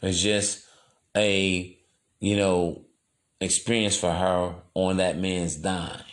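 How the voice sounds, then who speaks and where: A man's voice: deep voice, flat delivery, takes it slowly. A man hosting a podcast, talking in a loose, slangy, preachy monologue. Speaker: podcast host. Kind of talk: casual monologue.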